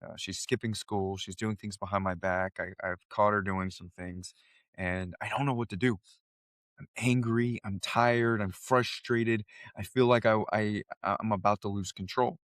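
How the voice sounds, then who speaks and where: A man's voice: on the low side, steady tone, unhurried, fairly bright tone, no room sound, studio quality. A man who works as a coach, co-hosting a podcast and telling stories from his coaching in an earnest, convinced way. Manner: earnest storytelling, speaks with conviction. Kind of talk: casual chat.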